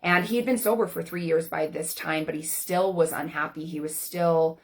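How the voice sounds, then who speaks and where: Earnest woman coach, slightly low voice. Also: fairly even intonation, normal speed. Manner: earnest and candid, with casual fillers. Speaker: life coach. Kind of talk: personal talk to camera.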